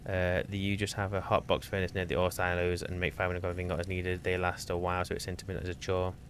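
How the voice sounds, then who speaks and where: A man's voice: low-pitched, fairly bright tone, a little hiss or hum. A man streaming a co-op game, chatting casually and explaining game mechanics at length with teasing banter. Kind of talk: casual gameplay chat and explaining.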